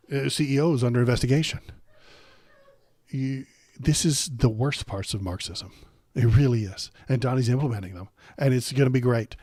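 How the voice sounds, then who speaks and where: A man's voice: mid-range voice, dark tone, no room sound. A man hosting a political livestream, ranting bluntly and sarcastically with profanity, his throat sore from a cold. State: coming down with a cold, throat bothering him.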